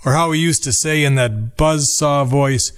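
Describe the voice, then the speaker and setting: A man in his fifties from Minnesota reading a nostalgic personal essay in a measured, reflective way. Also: on the high side. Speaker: narrator. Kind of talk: scripted personal essay narration.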